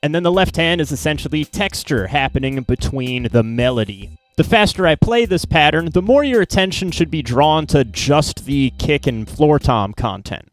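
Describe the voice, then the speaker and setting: A man teaching drum patterns in an informal, relaxed way, counting strokes aloud. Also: a little high, moderate pace, soft background music. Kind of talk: instructional explanation.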